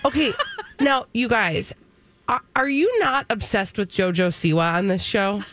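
A woman co-hosting a morning radio talk show, telling animated stories in a chatty way. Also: medium pitch, unhurried, slight background noise. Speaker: radio co-host.

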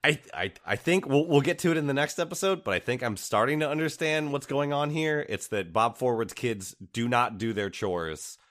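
A man co-hosts a podcast remotely from home, chatting casually in a rambling way, laughing often and trailing off mid-sentence. His medium-pitched voice is animated and a bit bright, moving at a moderate pace with hardly any pauses.

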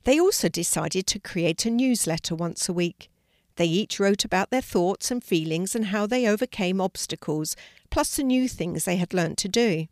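An older woman narrating a children's story in a calm, even reading voice. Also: medium pitch, dry recording. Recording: dry close recording.

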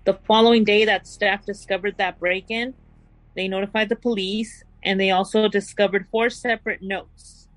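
A woman co-hosting a podcast, recounting a true-crime case and reading quoted notes slowly and deliberately. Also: mid-range voice, fairly even intonation, dry recording, rough recording. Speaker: podcast co-host telling the story.

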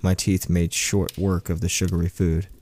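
A man reading a first-person horror story aloud as a storyteller, in a slow, brooding way. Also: deep voice, flat delivery, mellow.

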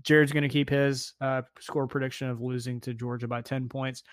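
A man co-hosting a sports podcast in a relaxed, casual way, with many fillers as he talks. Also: mid-range voice, brisk, no echo, clean studio sound. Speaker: podcast co-host.

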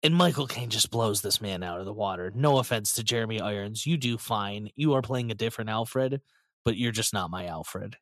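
A man's voice: lowish voice, moderate pace, fairly bright tone, no echo. A man in casual podcast chat, talking in an enthusiastic, effusive way.

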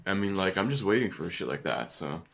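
Man, podcast co-host; low, animated delivery, swears constantly, rambles. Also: brisk, gravelly. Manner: profane, rambling with many fillers. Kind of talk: casual chat.

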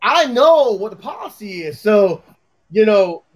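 A man's voice: sits high, measured pace, crowd noise. A man co-hosting a podcast, chatting loosely and acting out what other people say in mocking voices. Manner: animated, acts out quotes in a mocking voice. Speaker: podcast co-host. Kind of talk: casual banter.

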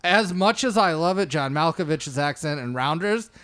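A man's voice: a little high, moderate pace. A man co-hosting a casual movie podcast, joking and swearing as he riffs with friends. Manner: animated, profane, jokey. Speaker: podcast co-host.

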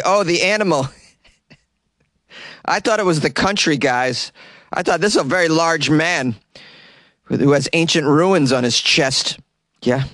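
A man's voice: mid-range voice, no echo, studio quality. A man hosting a comedy news podcast, reading stories aloud and breaking off into sarcastic rants, recorded in a small closet.

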